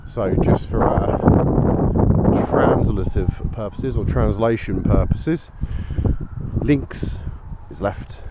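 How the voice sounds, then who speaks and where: A man's voice: fairly low pitch, slow pace, heavy background noise. Tired man rambling on a walk. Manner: rambling and easygoing, with frequent fillers. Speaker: vlogger walking his dog. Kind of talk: casual walk-and-talk chat. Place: outdoors on a local street at dusk. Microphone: small action camera.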